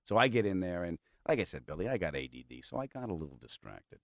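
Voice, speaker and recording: A male podcast host spins a rambling story and swears freely. His pitch swings up and down as he talks. The recording is close and dry. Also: sing-song, fast talker, creaky, no room sound. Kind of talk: casual storytelling chat.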